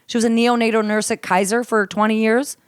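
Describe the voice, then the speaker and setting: A middle-aged woman, a podcast guest, telling stories in an energetic, animated way. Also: on the high side, brisk, clear, resonant tone, no room sound, studio quality. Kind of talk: casual chat. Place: home.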